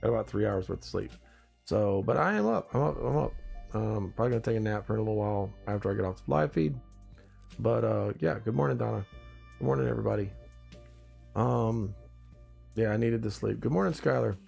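A tired man with a deep, heavily gravelly voice hosts a casual morning live stream. He rambles in a husky, groggy tone and greets viewers one by one. A faint colours his speech, with soft music in the background. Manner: rambling, greets viewers by name, drawn-out phrasing. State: tired, groggy after little sleep.

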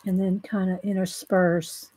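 A woman's voice: medium pitch, flat delivery, a little slow, mellow, husky. Chatty Southern woman demonstrating coloring. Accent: Southern American. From Southern United States. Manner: chatty, greets viewers by name, laughs easily. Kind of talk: casual live coloring tutorial, reading steps aloud.

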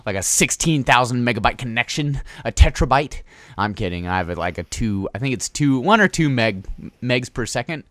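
A man's voice: mid-range voice, fairly bright tone, no room sound. Young guy ranting over his gameplay, jokey and crude, voice jumps up and down a lot. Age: young adult. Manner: rambling, joking, crude. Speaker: gameplay commentator. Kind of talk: casual game commentary.

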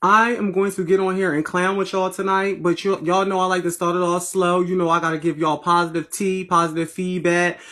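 A woman's voice: fairly low pitch, flat delivery, fairly quick, hardly any pauses, a bit bright. A woman from Philadelphia hosting a casual late-night livestream, sassy and playful, with slangy, profane banter as she thanks her viewers, talking into a phone. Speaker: livestream host. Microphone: phone livestream app.

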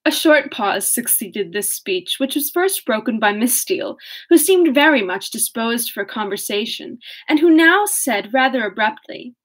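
A woman's voice: on the high side, expressive, moderate pace, husky. A young woman reading a classic novel aloud, casually, correcting her slips and breaking off into laughing asides. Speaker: audiobook reader.

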